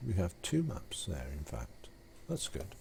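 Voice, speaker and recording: A man's voice: low-pitched, wildly swooping pitch, unhurried, creaky, warm tone, a little hiss or hum. A man chatting casually on a live game stream, telling jokes in a rambling, hesitant way with many fillers.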